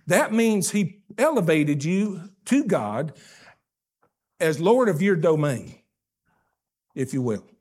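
An older man preaching a sermon as pastor, folksy and emphatic, swinging between loud stressed phrases and hushed asides. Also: a little high, sing-song, takes it slowly, pauses often.

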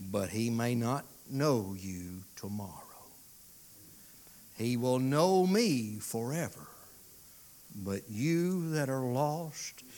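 Slow-paced preacher with dramatic swells. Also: male voice, medium pitch. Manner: swings from loud pleading to hushed, drawn-out phrases. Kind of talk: sermon.

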